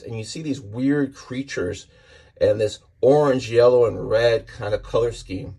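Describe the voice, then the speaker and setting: A man with a husky, somewhat breathy voice in a middle register talks through a comic book page by page. He is eager and rambling, and he often trips over his words and starts his sentences again. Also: medium pitch, moderate pace, mellow. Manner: enthusiastic, rambling with restarts. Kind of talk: casual comic book walkthrough.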